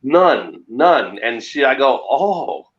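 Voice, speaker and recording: A man telling a ghost story in a casual, animated way, laughing often. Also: high voice, moderate pace, lo-fi sound. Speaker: guest.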